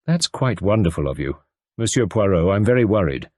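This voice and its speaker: A man's voice: low-pitched, big pitch swings, fairly quick, a little mellow, dry recording, studio quality. A man voicing an anxious American mother. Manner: earnest, anxious pleading. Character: determined American woman, about thirty, worried mother.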